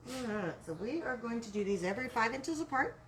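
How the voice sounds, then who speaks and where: Woman, Texan accent, craft live-stream host, chatty, greets viewers by name, fairly high voice. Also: lively intonation, brisk, slight background noise. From Texas.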